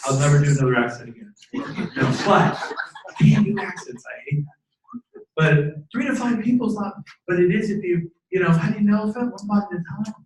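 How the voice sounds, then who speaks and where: Man, fifties, motivational speaker, high voice, preachy and jokey, shouty bursts, distant mic, echoey room. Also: lively intonation, moderate pace. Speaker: motivational speaker at a team training event. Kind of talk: energetic motivational talk to a live audience.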